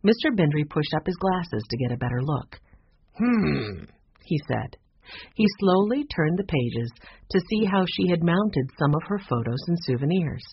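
A narrator reads a children's chapter book in a steady, expressive way. The voice is husky and moves a lot in pitch. The recording sounds dull and lo-fi. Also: moderate pace. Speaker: audiobook narrator. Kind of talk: storybook narration.

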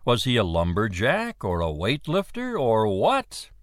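A man slowly telling a numbered joke as a story. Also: on the low side, wildly swooping pitch, dry recording, clean studio sound. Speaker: joke narrator. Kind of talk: slow told joke narration.

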